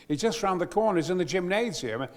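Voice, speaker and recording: A man's voice: high voice, lively intonation, quick pace. A man voicing a flustered woman who works as a casting agent, pleading that she can't find anyone.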